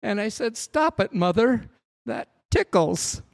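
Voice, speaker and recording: A man doing a high, sing-songy impression of another comedian, drawn out and slow. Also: expressive, gravelly, full character voice. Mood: deadpan. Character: sing-song comedian telling a mother joke, man.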